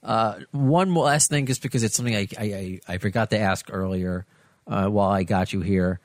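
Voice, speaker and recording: In a dry recording, a male interviewer host speaks a little fast in a lowish voice. His casual interview questions ramble, full of restarts and repeated words.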